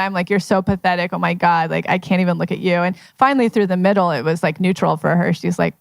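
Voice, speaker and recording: A woman's voice: fairly low pitch, fast, vocal fry, few pauses, dry recording. A woman manifestation coach talking casually to a live audience, telling stories in a chatty way full of fillers. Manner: chatty, filler-heavy, storytelling. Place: live event at a members' club.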